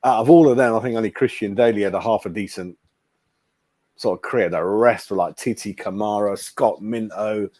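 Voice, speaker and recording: A man's voice: on the low side, brisk, darkish tone, no room sound. Chatty man, blunt and rambling. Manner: blunt, chatty, keeps saying mate. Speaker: fan channel host. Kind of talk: casual live-stream chat.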